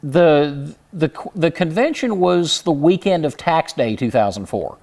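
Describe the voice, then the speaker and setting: A middle-aged man from Houston, a guest in a casual interview, telling his story in a self-deprecating way with many halting restarts. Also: fairly high pitch, animated, darkish tone. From Houston, Texas.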